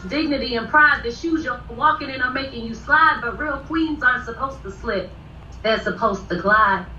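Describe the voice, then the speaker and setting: A woman's voice: a little high, bright, forceful tone, a little hiss or hum. A woman, reciting her own spoken word poem in a rhythmic, declamatory way on a video call. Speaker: poet in a group call. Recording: distant, dull echoey call audio.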